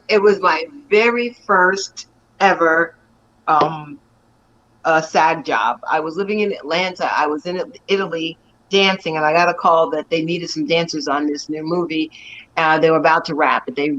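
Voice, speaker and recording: Excited woman telling stories, dull audio. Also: low voice, slight background noise. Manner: animated, laughs often, lively storytelling. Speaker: actress and stunt performer. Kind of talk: excited storytelling in an interview.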